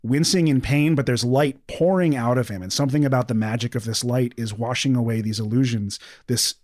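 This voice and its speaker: A man running a tabletop game as game master, calmly narrating scenes and calling for dice rolls. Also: mid-range voice, fairly quick, no echo, studio quality. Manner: calm, descriptive narration.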